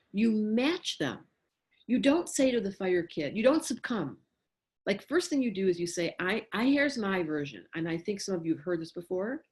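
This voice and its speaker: A middle-aged woman, an astrologer, gives parents a casual, animated talk, acting out what she would say to a child. Her voice sits in the mid-range.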